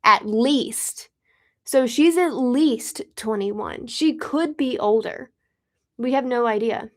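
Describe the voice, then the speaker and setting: Chatty woman, slightly high voice. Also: takes it slowly. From Pensacola, Florida, US. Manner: chatty, rambling storyteller. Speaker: drummer and host of a music channel. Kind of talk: casual chat while tuning drums.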